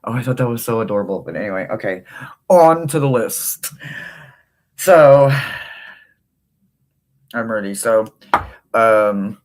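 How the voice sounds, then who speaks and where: A man hosting a tarot reading livestream, chatting casually with viewers and breaking into sudden high-pitched exclamations. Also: lively intonation, measured pace, long pauses.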